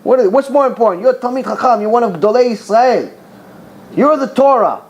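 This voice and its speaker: A middle-aged man teaching as a rabbi, an animated storyteller who acts out dialogue and repeats words for emphasis. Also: extremely high pitch, brisk, slight background noise. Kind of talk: Torah class with storytelling.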